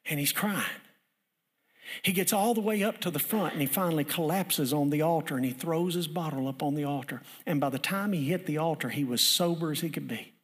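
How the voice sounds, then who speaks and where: Animated preacher in a reverberant hall. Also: male voice, on the high side, a little fast, breathy edge. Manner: folksy, animated, building to shouting. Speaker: pastor. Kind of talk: sermon with storytelling.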